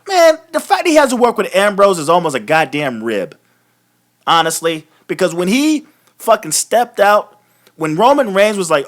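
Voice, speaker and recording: A man's voice: sits high, very animated, moderate pace, a bit bright. A man hosting a live wrestling recap, ranting casually and profanely, often laughing. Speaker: host of a wrestling recap show.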